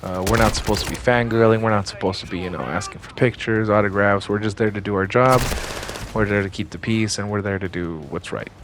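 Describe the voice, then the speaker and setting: A man's voice: on the low side, fairly even intonation, brisk, noisy background. A man and former security guard, casually telling a story in a rambling, profane way with lots of fillers.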